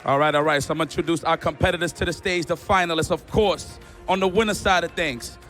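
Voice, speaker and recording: A man working as a stage announcer, loudly hyping a crowd and introducing players in a sing-song way. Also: a little high, steady tone, quick pace, faint music behind. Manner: loud, shouting, sing-song. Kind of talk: hype crowd emceeing.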